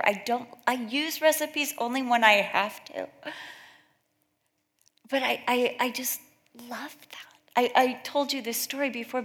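Woman preaching in a chatty storytelling way. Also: fairly high pitch. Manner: conversational, animated storytelling with quoted voices. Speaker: speaker at a church gathering. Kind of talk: sermon with personal stories.

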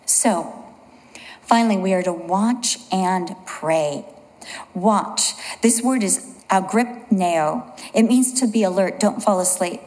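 A woman delivers a sermon, moving between earnest storytelling and slow, lowered emphasis on key words. Her mid-pitched voice carries a long reverb, as if spoken in a large church hall. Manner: earnest storytelling, slows and drops low for emphasis. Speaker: preacher.

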